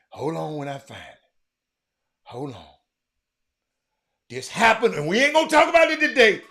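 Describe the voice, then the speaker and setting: A high-pitched man hosts a loose, casual show. He calls out loudly to his audience one moment and mutters low the next, repeating himself as he goes. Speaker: show host. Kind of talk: casual live-stream chat.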